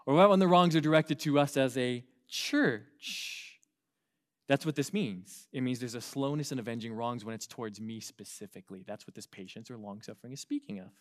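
A young adult man from the United States preaching an earnest sermon to young people, swinging between loud emphasis and quiet asides. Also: medium pitch, moderate pace. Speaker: youth pastor.

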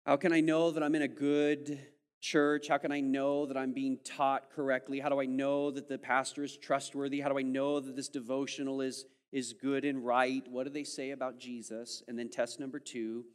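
A man preaching a sermon as pastor, animated, acting out the voices of his listeners and swinging between loud, pressing moments and hushed, slow ones. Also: mid-range voice, long reverb tail.

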